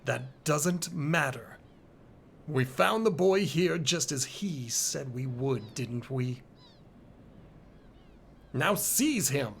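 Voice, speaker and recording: A man voicing a stern male knight commander, speaking low and curtly, with a gravelly edge. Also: animated, very slow, pauses often, a little hiss or hum, exaggerated voice. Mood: threatening. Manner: low, curt, threatening.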